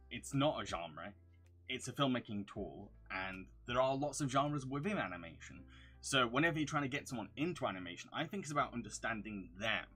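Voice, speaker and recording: A man with a mixed London and Yorkshire accent, casually answering viewer questions on a livestream. He talks in a crisp, over-enunciated way, reads questions aloud and hums to himself between them. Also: mid-range voice, sharp tone. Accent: mixed London and Yorkshire English. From England. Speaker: streamer answering chat.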